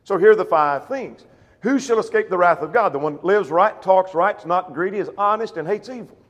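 A man's voice: high voice, brisk. A man teaching a Bible class, reading verses and rephrasing them in plain words with rhetorical questions. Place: church classroom or auditorium. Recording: long reverb of a church hall.

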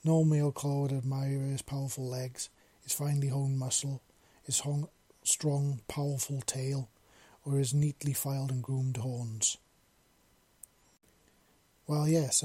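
A man narrating a story in a measured, unhurried reading. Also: medium pitch, level tone, dark tone, slightly rough, no room sound.

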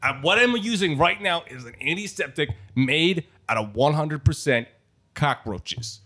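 A man with a put-on Italian-American accent performs a comedy sketch. His voice is slightly high and sharp. He talks like an insistent hustler, pressing and repeating his pitch. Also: lively intonation, unhurried. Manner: pushy, insistent salesman patter, repeats himself.

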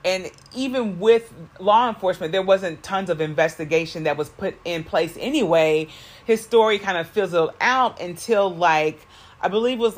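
A woman co-hosting a podcast in a car, talking in a rambling way with many fillers and self-corrections. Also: medium pitch. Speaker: podcast co-host. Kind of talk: casual podcast chat.

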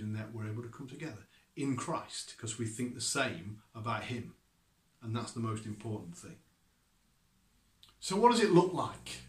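Conversational man preaching, roomy sound. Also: mid-range voice. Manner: conversational, with asides and questions to listeners. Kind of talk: sermon. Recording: echoey room.

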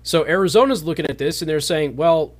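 Male talk radio host, studio mic, emphatic monologue, slightly high voice, leans on repeated words. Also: fairly quick.

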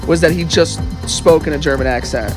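A man co-hosting a casual podcast chat, telling stories quickly and with some swearing. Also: a little high, over music. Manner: animated, swearing, quick storytelling. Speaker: podcast co-host.

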